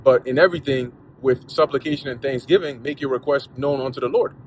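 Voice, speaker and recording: A man's voice: on the high side, slight background noise. A man giving a casual spoken Bible lesson in a conversational, repetitive way, with street slang and frequent restarts, talking from a car while driving. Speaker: lay preacher.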